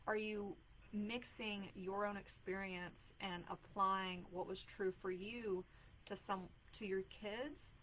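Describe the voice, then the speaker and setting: A woman's voice: mid-range voice, fairly even intonation, slow pace, a bit bright, slight background noise, poor audio. A woman in her thirties giving earnest, chatty advice on a live video stream, with lots of filler words. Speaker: mom life coach hosting a live video. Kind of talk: casual live-stream talk.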